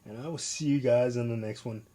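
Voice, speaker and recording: A man's voice: medium pitch, a little fast, dark tone. A man hosting a casual retro video game review, talking in a loose, rambling way with lots of fillers and restarts.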